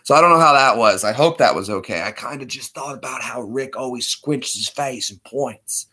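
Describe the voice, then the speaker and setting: A man's voice: mid-range voice, normal speed, sharp tone, breathy edge. A man chatting casually in a vlog, rambling and laughing between attempts at impressions. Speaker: vlogger.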